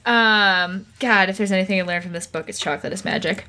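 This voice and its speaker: A woman co-hosting a podcast, casually and irreverently recapping a book chapter and acting out the characters' lines in quick voices. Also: medium pitch, pushed and bright, a little hiss or hum. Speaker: podcast co-host.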